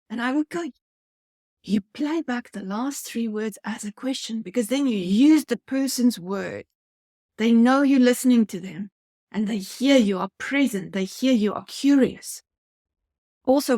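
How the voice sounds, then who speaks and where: A woman's voice: medium pitch, a little mellow, no echo, clean studio sound. A woman giving a motivational customer service training talk, earnest and coaching, speaking straight to her viewers.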